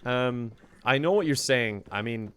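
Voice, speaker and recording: With a medium-pitched, somewhat bright and clean-toned voice, a streamer speaks unhurriedly and with lively intonation as he plays a game. He rambles in relaxed chat with viewers, laughing a lot and reading out chat donations to thank those who sent them.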